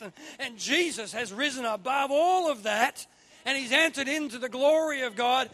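A man preaching a sermon, swinging from quiet asides to loud emphatic bursts. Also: very high-pitched, expressive, normal speed. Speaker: pastor.

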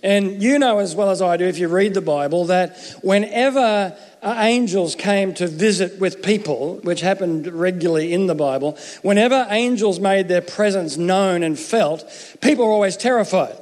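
A man with a high voice delivers a relaxed, joking sermon, often stumbling and restarting his phrases. The sound carries a long hall reverb. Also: moderate pace. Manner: conversational, jokey, self-interrupting. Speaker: pastor.

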